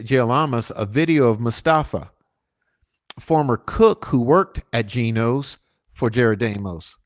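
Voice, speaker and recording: A man hosting a channel, reading court documents aloud and breaking in with emphatic asides. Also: mid-range voice. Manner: emphatic asides, rising when stressing points. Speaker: channel host.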